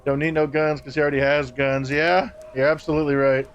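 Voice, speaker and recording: A man's voice: on the high side, flat delivery, brisk, clear, resonant tone, highs cut off. A man streaming a game live, chatting casually, swearing and laughing as he banters with his chat. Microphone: streaming microphone.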